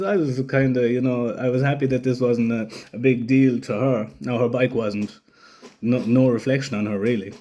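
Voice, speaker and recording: A man's voice: medium pitch, moderate pace, dark tone. A young man telling a story casually, rambling, swearing freely and acting out other people's lines. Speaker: vlogger.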